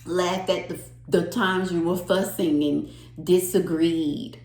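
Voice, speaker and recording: A woman's voice: lowish voice, fairly even intonation, slow, darkish tone, roomy sound, low-quality recording. A woman giving an emotional, earnest tarot reading to her viewers, repeating phrases for emphasis. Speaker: tarot reader.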